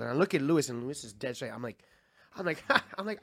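A man co-hosting a casual podcast, telling stories in an animated way with frequent laughter. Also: medium pitch, very fast. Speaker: podcast co-host.

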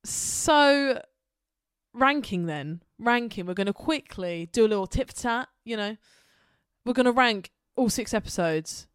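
Smooth-voiced woman, casual and sweary. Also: on the high side, lively intonation, unhurried, no echo, clean studio sound. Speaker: podcast co-host. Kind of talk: casual chat.

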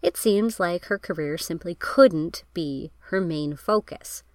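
A woman's voice: on the low side, slow pace, no room sound. Woman narrating film history, wry. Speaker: podcast host.

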